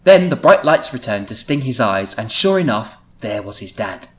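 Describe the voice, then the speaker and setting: A man's voice: mid-range voice, big pitch swings, normal speed, a bit bright. A man hosting a comedic podcast, reading his old teenage writing aloud and often giggling at it. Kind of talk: comedic podcast read-through.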